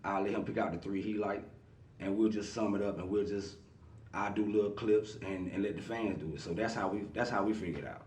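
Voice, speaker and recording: A man, a guest in a casual interview, talking in a relaxed, rambling way full of fillers. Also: lowish voice, a little fast, distant mic. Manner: relaxed, rambling, many fillers like "you know what I mean". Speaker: artist manager, guest. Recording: echoey room, voice off-mic.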